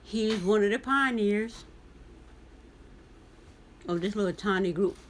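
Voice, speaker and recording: A woman's voice: medium pitch, slow pace, a little hiss or hum. A woman from the United States vlogging, reading a news article aloud and commenting on it, talking back to the text with pointed questions.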